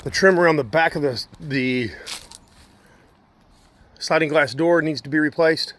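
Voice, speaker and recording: A man's voice: a little high, unhurried, a bit bright. Man listing house repairs, matter-of-fact. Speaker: property manager doing a walkthrough. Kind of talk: casual spoken inspection notes. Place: outdoors around a house and yard, then indoors. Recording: faint background noise.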